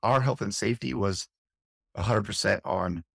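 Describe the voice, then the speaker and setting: A man's voice: on the low side, moderate pace, gravelly, fairly bright tone, no echo, studio quality. A middle-aged man, a fire captain, recounting a harrowing experience intensely and candidly in an interview, often restarting his phrases. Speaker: fire captain, podcast guest.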